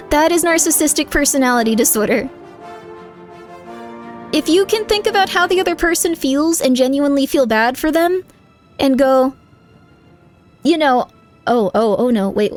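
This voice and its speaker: A woman streamer chatting casually with viewers, giving rambling, candid advice full of fillers while reacting to chat. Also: sits high.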